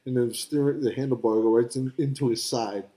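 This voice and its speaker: Fast-talking young man telling stories. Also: mid-range voice, steady tone, dark tone. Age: 20s. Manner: laughing, rambling storyteller who acts out quotes. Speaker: guest, professional boxer. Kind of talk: casual storytelling.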